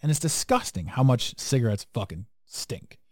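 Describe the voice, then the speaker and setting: A man's voice: mid-range voice, animated, moderate pace, a little mellow, no room sound, clean studio sound. A man hosting a casual podcast conversation, talking bluntly and emphatically and swearing freely. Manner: blunt, profane, emphatic and preachy. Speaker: podcast host.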